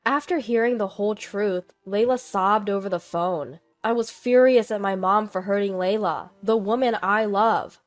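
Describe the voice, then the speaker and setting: A woman reading a first-person story in a slow, even narration, with faint background music. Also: mid-range voice. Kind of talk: scripted narration.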